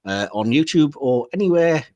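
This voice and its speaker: A man's voice: fairly high pitch, lively intonation, moderate pace, darkish tone, dull audio. Chatty man hosting a podcast. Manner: chatty, laughs often, trails off with fillers. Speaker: podcast host. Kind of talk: casual podcast chat.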